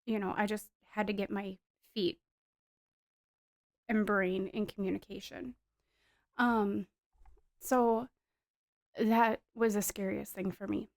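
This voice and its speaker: A woman's voice: medium pitch, level tone, slow, creaky, pauses often, no room sound, clean studio sound. A woman in her thirties giving an earnest, emotional personal testimony in a casual storytelling way, with frequent fillers. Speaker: wife sharing a testimony.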